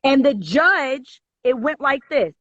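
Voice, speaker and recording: Over a live online video call, a woman guest in a casual chat tells a story in a heated, profane, emphatic way. Her voice sits high and is animated, slow and a bit bright, with no room sound, in dry, dull lo-fi stream audio.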